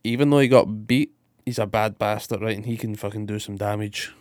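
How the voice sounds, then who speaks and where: A man's voice: on the low side, steady tone, brisk, a little mellow, dry recording, clean studio sound. A man, co-hosting a casual podcast and rambling with sweary enthusiasm. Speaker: podcast co-host. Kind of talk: casual wrestling podcast chat.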